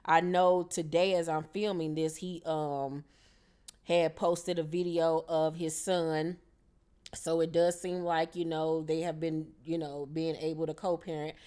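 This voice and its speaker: A woman's voice: low voice, a little slow, clean tone. A woman giving a chatty, slangy recap of a reality show episode, often mimicking the cast's lines. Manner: chatty, slangy, quotes the cast in lively voices.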